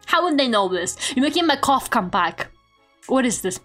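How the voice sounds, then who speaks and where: A woman's voice: high-pitched, a little slow, pauses often, faint music behind. Chatty, laughing young woman streamer. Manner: animated storytelling with frequent laughter and filler "like". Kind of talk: casual live-stream chat while drawing.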